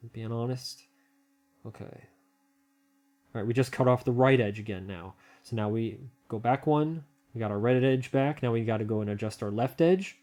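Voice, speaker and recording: A man talking through a hands-on tech walkthrough at an average pitch, thinking out loud as he goes. He rambles, restarts sentences and leans on filler words, and he gets excited easily and laughs often. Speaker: hobbyist video maker.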